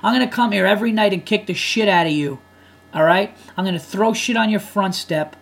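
A man voicing a furious adult man who taunts and threatens a bully's father, loud and menacing. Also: high-pitched, brisk, gravelly, voice pushed up, full character voice. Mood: taunting threats.

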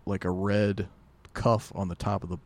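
A man co-hosting a podcast in casual chat, telling stories in a relaxed way with dry jokes. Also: deep voice, normal speed, dry recording. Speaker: podcast co-host.

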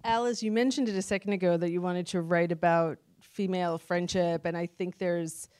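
A woman moderating a panel, asking long, thoughtful questions with pauses and fillers. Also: fairly low pitch, fairly even intonation, a little mellow.

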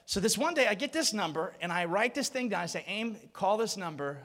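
A man's voice: high voice, fast talker. A man in his thirties preaching a sermon, telling a story and acting out the voices of the people in it. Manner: animated storyteller, acts out voices.

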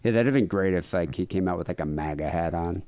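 A man's voice: deep voice, fast, a little mellow, no room sound. A man co-hosting a podcast in casual comedic chat, rambling with lots of fillers and jokey asides. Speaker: podcast co-host.

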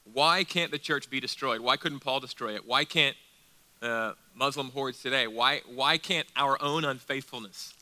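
A man preaching a sermon as pastor, asking rhetorical questions and dropping into quiet, intense passages. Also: medium pitch, moderate pace.

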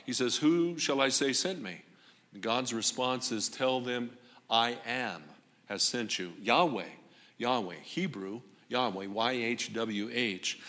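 A man preaching a sermon with dramatic pauses and rising emphasis on repeated phrases. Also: mid-range voice, a bit bright. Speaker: pastor. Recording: long hall reverb.

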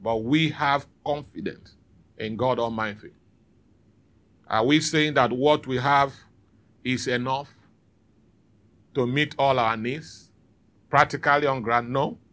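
A man's voice: medium pitch, fairly even intonation, slow pace, long pauses, fairly bright tone. A man preaching a sermon in church, calling out to the congregation for responses. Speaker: pastor.

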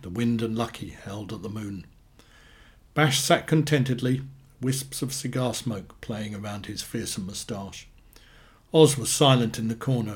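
A man reading short stories aloud in a dry, deadpan way. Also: mid-range voice, husky. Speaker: narrator.

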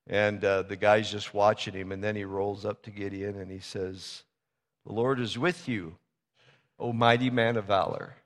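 Conversational preacher in a reverberant hall. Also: male voice, fairly low pitch, fairly even intonation, moderate pace. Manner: storytelling, conversational, acts out biblical dialogue. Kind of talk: sermon.

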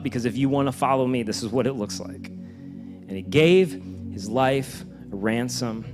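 A man preaching a sermon as pastor, conversational and animated, swinging between loud emphatic runs and hushed, intense stretches. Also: mid-range voice.

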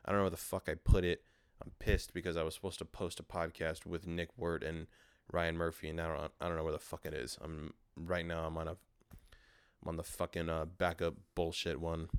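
A man hosting a solo podcast, rambling in a frustrated, swearing, low-energy way while talking into a portable recorder. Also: level tone, brisk, clear, resonant tone, dry recording, clean studio sound. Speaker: podcast host. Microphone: handheld portable recorder.

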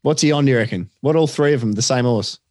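An Australian man tipping horse races on a podcast, chatty and quick, with lots of fillers and restarts. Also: mid-range voice, darkish tone, dry recording, clean studio sound. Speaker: racing podcast tipster. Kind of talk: casual racing chat.

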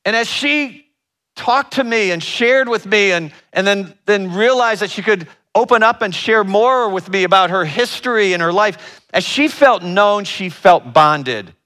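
Brief: relationship educator, animated storyteller, high and bright tone. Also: male voice, a little slow. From Northern Ohio. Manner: animated storyteller with asides to the audience. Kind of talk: storytelling talk.

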